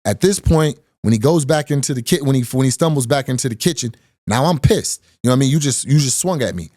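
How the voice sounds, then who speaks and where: A man in his thirties casually telling a personal story on a podcast, animated, quoting others and repeating phrases as he goes. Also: medium pitch, fast, no room sound, clean studio sound.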